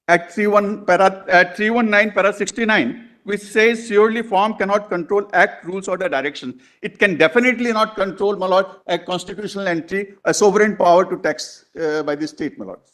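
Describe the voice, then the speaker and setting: A man arguing a legal case before a court, calling the bench "my lord" again and again, with halting restarts, recorded in a courtroom. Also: sits high, a bit bright.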